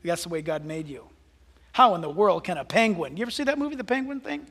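Male pastor, high bright voice, animated sermon, long hall reverb. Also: quick pace. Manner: animated, swings from hushed asides to loud exclamations.

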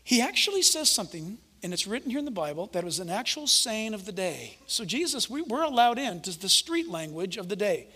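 A male preacher giving an animated, conversational sermon and acting out the quotes he tells. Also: sits high, fairly quick, hardly any pauses, husky. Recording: echoey hall reverb.

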